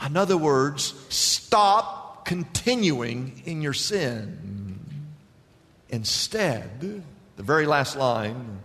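A man's voice: medium pitch, lively intonation, takes it slowly, a bit bright. A man preaching a sermon in a church, emphatic and calling for responses from the congregation, stretching out key words. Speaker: pastor. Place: church sanctuary. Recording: church hall reverb.

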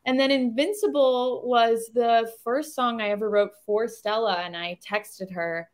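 A woman songwriter chats as an interview guest. She talks in a bubbly, quick way and laughs often. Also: a little high, fairly even intonation. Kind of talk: casual interview chat.

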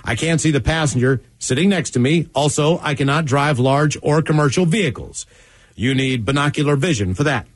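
A man's voice: a little high, moderate pace, no room sound. A man hosting a comedy radio show, reading listener messages aloud and laughing often. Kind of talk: reading listener emails on air.

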